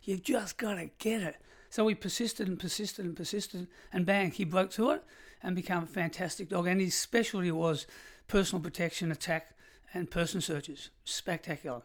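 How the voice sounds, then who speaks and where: A man's voice: high-pitched, normal speed. An Australian man in his sixties, a retired prison officer, telling vivid stories as an interview guest and stacking up short, punchy phrases. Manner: vivid, emphatic storyteller who piles up short phrases. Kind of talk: storytelling in an interview.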